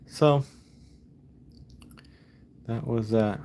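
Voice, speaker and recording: A man's voice: mid-range voice, extremely slow, vocal fry, mellow, slight background noise. A man in a casual vlog monologue, frustrated and profane, rambling and repeating himself. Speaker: vlogger.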